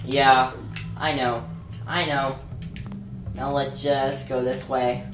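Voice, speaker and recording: Chatting to herself in a low, unhurried voice, a woman gives casual let's play commentary punctuated by sudden excited yelps. The recording comes from an echoey room, with game music playing beneath.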